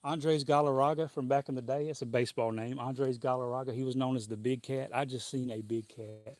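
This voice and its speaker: A man chats loosely to his live viewers while walking outside in the sun. He rambles from one thought to the next, chuckling often. His voice sits at an ordinary middle pitch. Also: steady tone, a little fast, a little mellow, a little hiss or hum. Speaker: live-stream host. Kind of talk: casual live-stream chat while walking. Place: outdoors in the sun.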